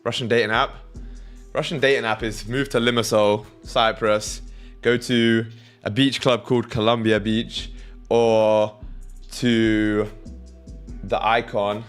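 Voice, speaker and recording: Over faint music, a young man with a fairly low, smooth voice hosts a trading livestream, taking his time with long pauses and little pitch movement. He chats casually in a loose, crude manner, reading out what viewers type.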